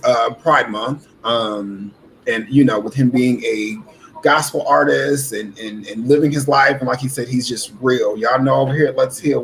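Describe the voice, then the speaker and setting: A man's voice: medium pitch, slight background noise, rough recording. A man hosting a casual interview, chatty and laid-back, laughing easily. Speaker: podcast host.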